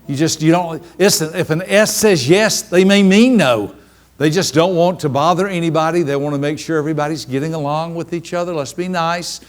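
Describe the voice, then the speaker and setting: A middle-aged man with a voice a bit higher than most men's leads a business seminar, speaking fairly quickly with hardly any pauses. He tells stories animatedly, acting out scenes and keeping things moving with humor.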